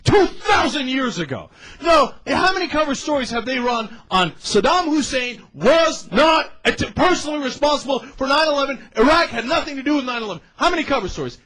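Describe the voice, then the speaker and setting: A man delivering a heated political rant, repeating his points with emphatic shouts. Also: extremely high pitch, very animated, fairly quick, low-quality recording. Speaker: political commentator.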